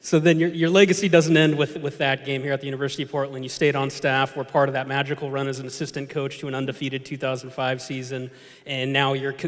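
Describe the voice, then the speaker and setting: A man interviewing a guest, asking measured questions. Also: medium pitch. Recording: reverberant hall.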